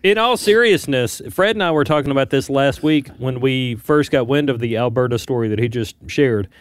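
Smooth-voiced male panelist. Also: medium pitch, brisk, no echo. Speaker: panel guest. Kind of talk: casual panel discussion.

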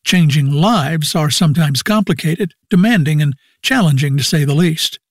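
A man reading a scripted program announcement in a measured way. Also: on the high side, animated, no echo, clean studio sound.

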